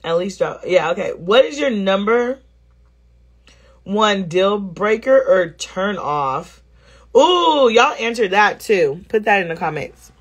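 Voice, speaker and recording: A woman's voice: mid-range voice, expressive, slow, slightly rough. A woman vlogger chatting casually and expressively straight to her viewers. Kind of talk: casual vlog chat to viewers.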